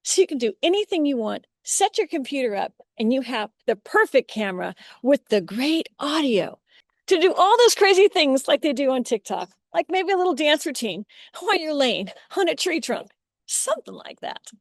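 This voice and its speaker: A woman's voice: sits high, big pitch swings, normal speed, no room sound, studio quality. A woman demonstrating a webcam in an upbeat, enthusiastic way, recorded outdoors in a garden through a webcam mic on a computer. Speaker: product reviewer. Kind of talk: product demo.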